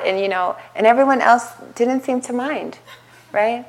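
A woman meditation teacher giving a dharma talk at a retreat center, telling a story with lively acted-out quotes and frequent laughter. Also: on the high side, normal speed, low-quality recording. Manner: animated storytelling, acting out quotes, laughing often.

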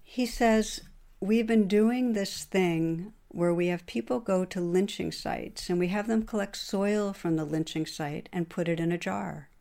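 A middle-aged woman giving a dharma talk as a meditation teacher, in a gentle, earnest storytelling manner. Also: medium pitch, a little slow, vocal fry.

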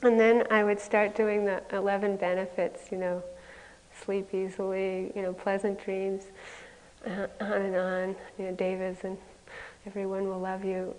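A woman's voice: medium pitch, level tone, a little slow, darkish tone. A woman meditation teacher giving a candid dharma talk at a retreat, with self-mocking stories that often break into laughter. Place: retreat center meditation hall. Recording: long hall reverb.

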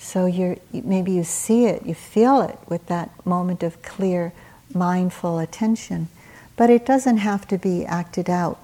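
A woman meditation teacher giving a dharma talk at a retreat, telling stories in a gentle, unhurried way with soft pauses. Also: on the low side.

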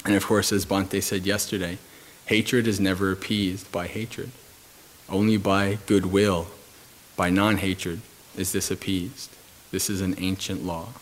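A monk giving a Dhamma talk at a retreat, telling stories calmly with frequent fillers and restarts. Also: male voice, deep voice, a little slow, a little hiss or hum.

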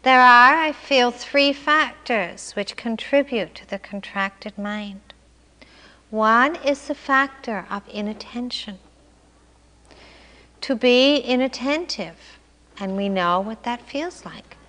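A woman meditation teacher giving a calm, reflective dharma talk. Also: a little high, slow, big-room sound. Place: meditation hall.

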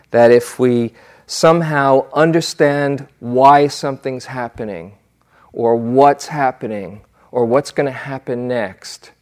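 A man's voice: mid-range voice, darkish tone. A man giving a dharma talk as a meditation teacher, telling stories in a reflective way with fillers. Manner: unhurried, reflective storytelling with fillers.

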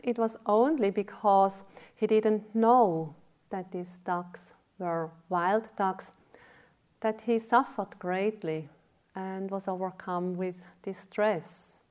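A woman meditation teacher giving a dharma talk, telling a teaching story in a deliberate way. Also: mid-range voice, a little mellow.

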